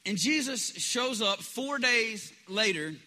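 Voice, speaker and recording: Bright-voiced man preaching in a hall. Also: high voice, expressive, slow. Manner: conversational preaching, acts out quoted voices with many restarts. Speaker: pastor. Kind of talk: sermon.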